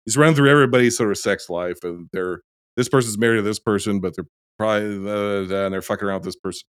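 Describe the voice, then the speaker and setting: A man co-hosting a casual film podcast, rambling through plot details and often trailing off quietly. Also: fairly low pitch, quick pace, clean tone, no room sound, clean studio sound. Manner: rambling, trails off softly, many fillers. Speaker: podcast co-host.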